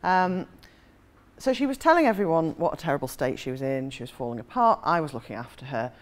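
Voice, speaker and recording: Brief: woman author in her forties, low voice, animated delivery, laughs at herself while telling a story. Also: a little fast. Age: 40s. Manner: lively, self-mocking, often laughing. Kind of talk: anecdotal storytelling.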